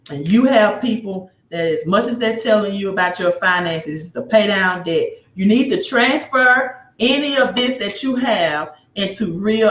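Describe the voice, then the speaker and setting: Mississippi-accented woman host, livestream chat, drawn-out easy pace, echoey room. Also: mid-range voice. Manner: excited, repeats phrases, answers viewer comments. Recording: roomy echo.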